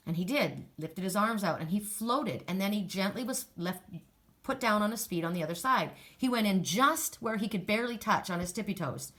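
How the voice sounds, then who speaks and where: A woman's voice: medium pitch, moderate pace, a bit bright. An older woman talks through an oracle card reading in a loose, chatty way. She rambles, stops to restart her sentences, and laughs now and then. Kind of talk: casual spiritual card reading.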